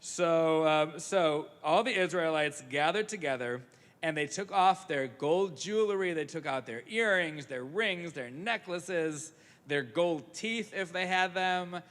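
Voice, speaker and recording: Brief: playful male storyteller at a service, slightly high, reverberant hall. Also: a little slow, a bit bright. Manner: playful, jokey asides. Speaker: service leader. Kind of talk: storytelling to a congregation. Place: synagogue sanctuary. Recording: echoey sanctuary, live broadcast.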